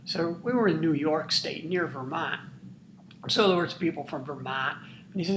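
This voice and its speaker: A man's voice: on the high side, moderate pace, a bit bright, slight background noise. An older man, a grandfather, telling a true family story to his grandchildren in a folksy, earnest, marveling way. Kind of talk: casual spoken storytelling. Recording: roomy echo.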